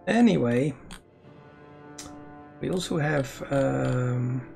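A man's voice: medium pitch, drawn-out words, creaky, a little mellow, soft background music. A man giving casual commentary while playing a game, muttering to himself with wry remarks and the odd swear. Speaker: let's play host.

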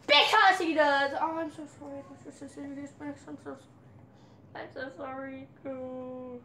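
A woman's voice: sits high, little pitch movement, moderate pace, noisy background. A young woman vlogging at home in a casual, playful, teasing way. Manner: playful, teasing trash talk. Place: house, indoors and outside.

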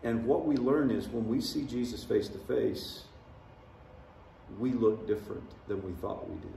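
A man's voice: on the low side, a little slow, creaky, dark tone, slight background noise. A man, a pastor, preaching a sermon in a conversational style. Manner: conversational preaching with dramatic voiced quotes. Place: large church sanctuary. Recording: echoey church hall from far off.

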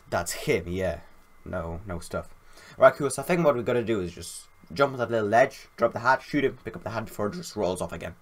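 A man giving let's-play commentary while gaming, excitable and often shouting at the game. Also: fairly low pitch, brisk. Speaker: gameplay commentator.

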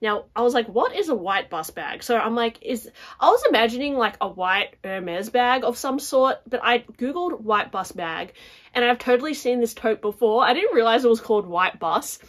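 A woman's voice: fairly high pitch, lively intonation, moderate pace. A young woman vlogging about handbags in casual chat to camera, chatty and full of "like" and "guys". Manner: chatty, fills talk with "like" and "guys".

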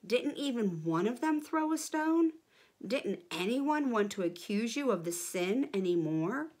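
A woman reading the lines of a calm, gentle male teacher in a children's Bible story. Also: fairly high pitch, measured pace.

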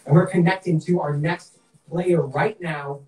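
A man's voice: on the high side, fairly even intonation, unhurried, dark tone, roomy sound, far from the mic, poor audio. A man with a Boston accent hosting a live-streamed game show, hyped up and talking straight to viewers. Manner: upbeat, hyped, talks to viewers.

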